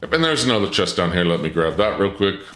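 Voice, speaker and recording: A man's voice: deep voice, sing-song, fast, a bit bright, reverberant. A man casually commenting on a game during a live stream, thinking aloud and answering chat. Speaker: gaming streamer.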